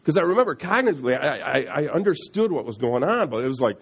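A middle-aged man sharing a personal faith testimony in an earnest, halting way, often restarting and repeating words. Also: mid-range voice, animated, husky.

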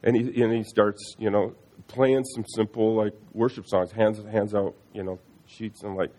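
A middle-aged man sharing a personal faith testimony in an earnest, halting way, often restarting and repeating words. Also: lowish voice, little pitch movement, mellow.

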